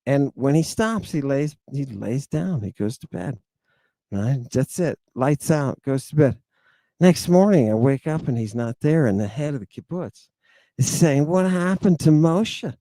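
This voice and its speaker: A man's voice: mid-range voice, measured pace, no room sound. A man telling a personal story in a casual, slangy monologue, hosting his own show and tossing in "right?" along the way. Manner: animated, slangy, peppers lines with "right?" and "baby". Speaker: podcast host.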